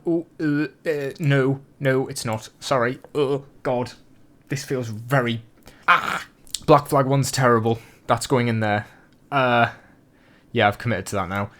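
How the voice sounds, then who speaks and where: A man narrating a video game review, chatty and excitable, turning rambling and self-deprecating as he thinks aloud. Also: medium pitch. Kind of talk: scripted review narration and off-the-cuff ranking.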